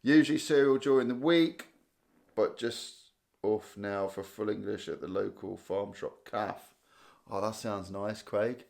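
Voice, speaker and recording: After a sleepless night, a Guernsey livestream host yawns his way through a casual chat, reading viewer comments and replying conversationally. His somewhat low voice is a little slow and carries vocal fry, and he rambles chattily, thinking aloud, restarting, trailing off, and giving small laughs.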